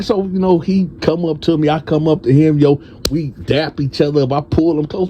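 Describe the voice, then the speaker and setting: A man tells a prison storytime in a loose, animated, casual way. His voice is very dark and mellow, and he plays out the other people's lines himself. A faint noise hums under the recording. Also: moderate pace, hardly any pauses, highs cut off. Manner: animated, acts out friends' voices in a higher pitch.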